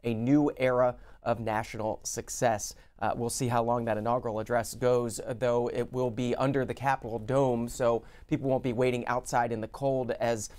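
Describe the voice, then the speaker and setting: A man on live television walking viewers through news headlines in a steady, informative way. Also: medium pitch, moderate pace, few pauses, clear, resonant tone. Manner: steady, informative, reads quotes. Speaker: TV news host.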